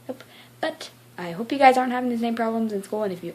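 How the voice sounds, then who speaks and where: A woman's voice: on the high side, fast talker, a little hiss or hum. A teenage girl ranting casually in a vlog, full of "like" fillers and acted-out quotes. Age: teens. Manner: chatty, frequent "like" fillers, acts out quotes. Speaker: vlogger.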